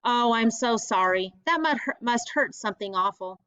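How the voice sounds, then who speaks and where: A woman voicing a warm, folksy elderly grandmother who talks in a gentle, comforting drawl. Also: on the high side, lively intonation, moderate pace, clean tone, dry recording. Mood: tender. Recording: dull lo-fi audiobook recording.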